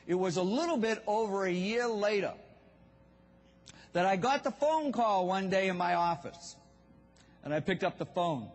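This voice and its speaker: A Boston-accented man delivers a motivational business talk, speaking slowly and addressing the crowd directly. His voice sits high and carries a husky edge. The sound rings with the long reverb of a large event hall. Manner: storytelling, addresses audience directly.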